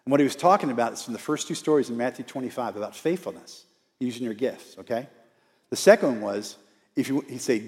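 A man's voice: medium pitch, expressive, fast talker, darkish tone. Man preaching a storytelling sermon. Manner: storytelling, coaxes the congregation to repeat lines. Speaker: outreach minister. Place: church sanctuary. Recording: church hall with long reverb.

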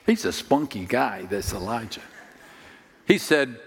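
A man's voice: a little high, big pitch swings, moderate pace, a bit bright, husky, long reverb tail. A man preaching a sermon, telling the story dramatically, with jokes and direct appeals to his listeners. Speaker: pastor.

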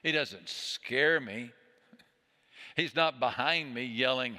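Slow, gentle-voiced male preacher in a reverberant hall. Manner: slow, gentle, soothing delivery, often dropping low and soft. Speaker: pastor. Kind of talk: sermon.

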